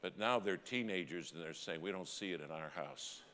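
A middle-aged man preaching a sermon as a dramatic story, swinging from loud cries to hushed, near-whispered lines. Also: deep voice, moderate pace, slight background noise. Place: church sanctuary. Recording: long church hall reverb.

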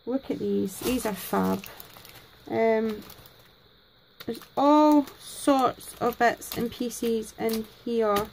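A woman's voice: fairly high pitch, drawn-out words, creaky, darkish tone, slight background noise, poor audio. A woman, chatting to camera at her craft desk at home, gushing with thanks as she unboxes her gifts. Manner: gushing, effusive, many exclamations. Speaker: craft vlogger.

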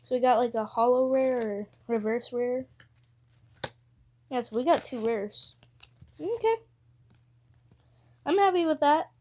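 Slow-talking high-voiced woman chatting. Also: slight background noise. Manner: chatty, muttering to herself, bursts of excitement. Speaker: card-opening vlogger. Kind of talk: casual chat while opening cards.

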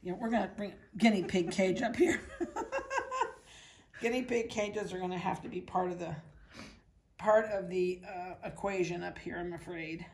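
A dog breeder with a Midwestern American accent chatting casually indoors, cooing baby talk at puppies and voicing their thoughts. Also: female voice, lowish voice, sing-song, measured pace, pauses often, slight background noise. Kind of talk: casual chat to puppies and camera. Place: indoors at a kennel.

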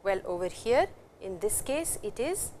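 A woman giving a recorded university language lecture, speaking slowly and patiently, repeating words and stressing how they sound. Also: mid-range voice, sing-song, dark tone, slight background noise. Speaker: language teacher.

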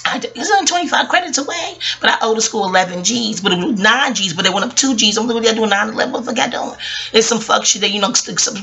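Woman vlogger, forties, sharp bright tone, profane rambling rant, jokey asides. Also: fairly high pitch, animated, quick pace. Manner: passionate, swearing, rambling and joking.

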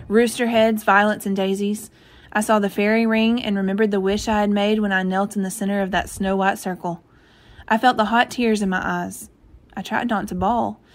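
Woman reading a story out loud, gentle storytelling, mid pitch. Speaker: reader. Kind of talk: reading a novel aloud.

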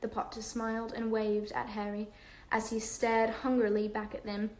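A woman's voice: fairly high pitch, little pitch movement, moderate pace, a little mellow. Woman reading a novel aloud, roomy room. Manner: unpolished reading with fillers and self-corrections. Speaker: livestream host reading aloud.

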